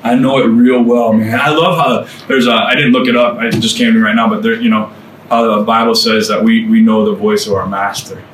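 A man's voice: on the low side, flat delivery, a little fast, a bit bright. A man preaches to a small group in an earnest, conversational tone, dropping casual asides as he goes. He sounds a little far from the mic. The room echoes, and a faint ambient noise hums underneath. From United States. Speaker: speaker sharing testimony.

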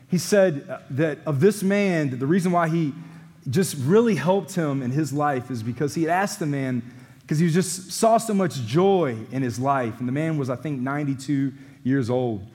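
A man preaching a sermon as pastor, earnest and emphatic, with quiet reflective passages, ending in prayer. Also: mid-range voice. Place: church sanctuary. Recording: long church hall reverb.

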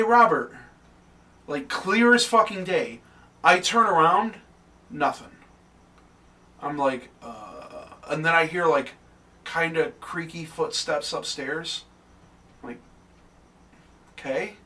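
Bright-voiced young man telling spooky stories. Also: on the high side, slow pace, pauses often. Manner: animated ghost-story telling, heavy swearing. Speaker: podcast co-host. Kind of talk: casual chat. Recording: distant mic with faint background noise.

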